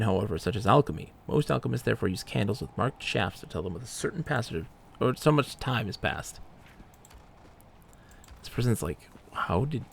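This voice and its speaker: Male streamer, low gravelly voice, muttered live gameplay commentary with item text read aloud. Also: a little hiss or hum.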